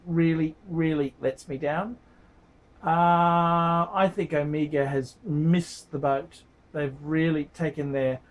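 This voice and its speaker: A man's voice: high-pitched, vocal fry. A man giving a casual paid watch review on video. He talks bluntly, swears freely and repeats his points. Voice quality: blunt, profane, repeats himself.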